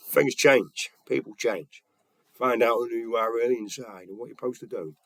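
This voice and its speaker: A man's voice: mid-range voice, normal speed, creaky, a bit bright, breathy edge, dry recording. A man telling a story in a casual monologue, retelling conversations bluntly and earnestly. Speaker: vlogger.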